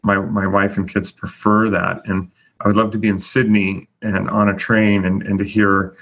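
A man's voice: on the low side, level tone, moderate pace, a bit bright. A man hosting a casual chat, chatty and full of fillers as he announces rankings. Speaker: host. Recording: dull lo-fi audio.

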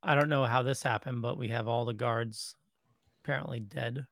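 A man's voice: mid-range voice, fairly even intonation, moderate pace, gravelly, fairly bright tone, no echo, studio quality. A man co-hosting a casual chat, recapping a comic's plot with many fillers. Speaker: podcast co-host.

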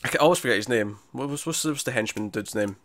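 A man's voice: mid-range voice, fast, a bit bright, slight background noise. A man casually recapping a TV episode with a friend, retelling scenes with many restarts and frequent laughs. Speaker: podcast co-host.

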